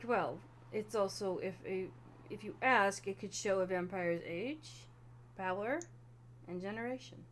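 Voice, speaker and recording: A woman narrating a tabletop vampire game as game master, animated and quick to laugh. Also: mid-range voice, a little hiss or hum.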